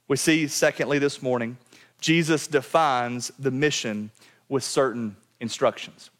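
A man preaching a sermon to his church, earnest and direct, often dropping to a quiet low voice to drive a point home. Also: moderate pace. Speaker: pastor. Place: church sanctuary.

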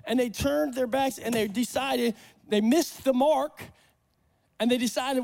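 Man, pastor, very high-pitched, animated sermon, playful asides. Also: a little slow, gravelly. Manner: animated, acts out Bible voices, jokes with congregation. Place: church service.

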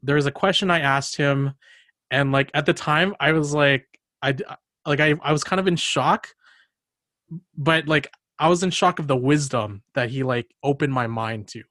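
A man's voice: on the high side, normal speed, bright, forceful tone, no room sound, clean studio sound. A young man hosting a casual podcast chat, telling rambling stories full of fillers and laughs. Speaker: podcast host.

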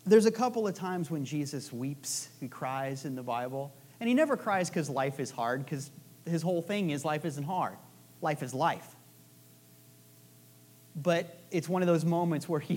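A woman's voice: lowish voice, animated, moderate pace, a little mellow. Casual, playful woman preaching a sermon. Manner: casual, playful storytelling with asides. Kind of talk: conversational sermon.

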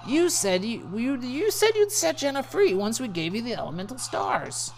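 An excitable young male hero from a video game, as a woman puts him on, pitched way up and anxious, firing off worried questions. The voice climbs and dips with lively swings. Faint music sits behind. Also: moderate pace. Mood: alarmed. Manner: high, agitated and questioning.

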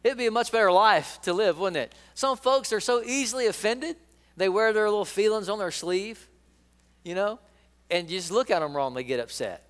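A man's voice: high voice, lively intonation, moderate pace, a bit bright, smooth, big-room sound. A middle-aged man, a pastor, preaching a sermon in a folksy, joking way and calling his congregation to repeat lines after him.

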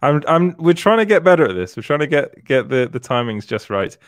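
A male podcast co-host with a slightly high, sing-song voice talks a little fast on a casual live stream, laughing a lot and reading out the chat. The sound is dry and close, with no echo.

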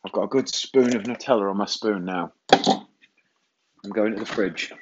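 A man's voice: on the low side, unhurried, dull audio, heavy background noise. A middle-aged man hosting a rambling solo podcast from his kitchen, self-mocking and casually swearing. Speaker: podcast host. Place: home kitchen.

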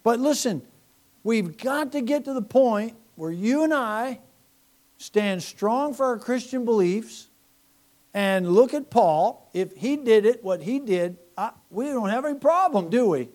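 A man preaching a sermon as pastor, animated and sarcastic, swinging from loud preaching to quiet asides. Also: very high voice, a little slow. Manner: mocking, sarcastic humor.

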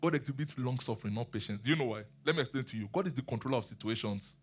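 A man preaching a sermon and teaching the Bible, animated, asking his listeners questions and laughing often. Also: mid-range voice, very fast, husky.

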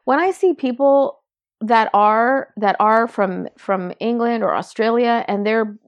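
A woman's voice: a little high, measured pace, no echo, highs cut off. Emphatic woman co-host. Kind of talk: casual movie review chat.

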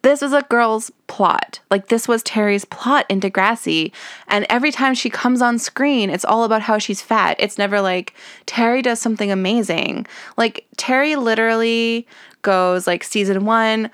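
A young woman hosting a podcast, chatting casually and sarcastically with lots of "like" fillers, putting on higher voices for the characters she quotes. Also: moderate pace, fairly bright tone, clean tone, no echo, clean studio sound. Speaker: podcast host. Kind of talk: casual chat recapping a TV show.

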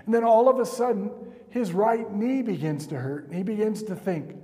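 A man's voice: high voice, moderate pace, dark tone. A man preaching a sermon and leading a fervent closing prayer. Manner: earnest, builds to fervent prayer. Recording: long hall reverb.

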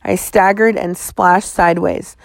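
Slow, measured woman audiobook narrator. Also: on the low side, fairly even intonation, vocal fry, no echo. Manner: measured, storytelling. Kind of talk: audiobook reading of a children's novel.

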